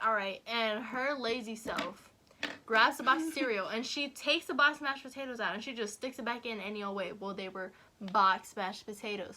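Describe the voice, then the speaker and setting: A young woman vlogger telling a story to the camera in a lively, animated way. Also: a little high. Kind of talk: casual storytelling chat.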